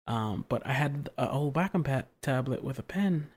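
Co-host, mid-range voice, animated exasperated storytelling in casual chat. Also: mid-range voice, normal speed, husky. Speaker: podcast co-host.

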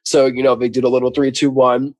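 A man co-hosting a podcast, casually recapping a book in an animated way and laughing often. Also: medium pitch, a little fast, no echo. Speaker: podcast co-host.

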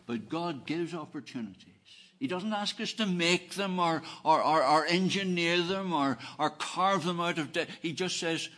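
A man preaching a sermon, earnest and emphatic, repeating phrases and swinging between soft and loud delivery. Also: a little high, moderate pace.

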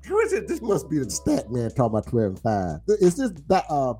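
A man's voice: mid-range voice, wildly swooping pitch, a little fast, dark tone, faint music behind. A middle-aged man, teasing his viewers in boisterous, laughing trash talk on a live stream. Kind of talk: casual live-stream banter.

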